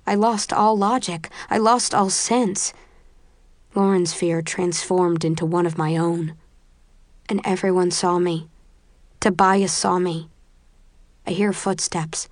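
A woman reading a first-person novel aloud, slow and dramatic. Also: lowish voice, steady tone, no room sound, studio quality. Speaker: audiobook narrator. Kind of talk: first-person scripted narration.

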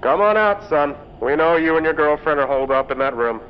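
Guy putting on a bossy cop shouting thru a megaphone, higher voice, muffled and far off. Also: lively intonation, brisk, slight background noise, lightly acted. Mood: commanding. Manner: commanding, calling out from afar. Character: male cop calling through a megaphone.

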